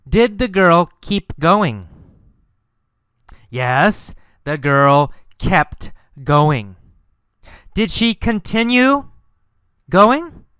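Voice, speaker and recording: A man teaching English through a mini story, asking and answering simple questions in a slow, deliberate way. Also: high-pitched, fairly bright tone, clean tone, no room sound, studio quality.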